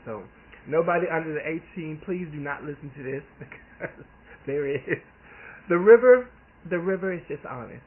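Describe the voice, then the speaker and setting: Earnest man on a tinny line. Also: mid-range voice. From US Deep South. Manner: earnest, rambling, with restarts and chuckles. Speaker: author. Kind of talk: casual vlog talk. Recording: tinny phone-like audio with faint hiss.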